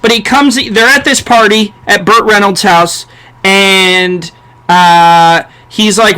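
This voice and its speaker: A man co-hosting a casual podcast about films, animated as he retells scenes. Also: high voice. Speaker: podcast co-host. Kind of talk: casual film discussion.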